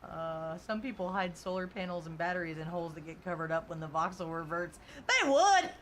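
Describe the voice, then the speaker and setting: A woman's voice: on the low side, steady tone, brisk, a bit bright, slight background noise. A woman game streamer in casual live-stream chat, reading viewer comments and rambling through stories with lots of "like" and "you know" and frequent laughs.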